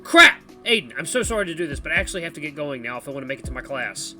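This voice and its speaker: A man hosting a let's play, chatty and animated, reading game text and the main character's lines. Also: fairly high pitch, fast, hardly any pauses. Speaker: gaming channel host. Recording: background music under voice.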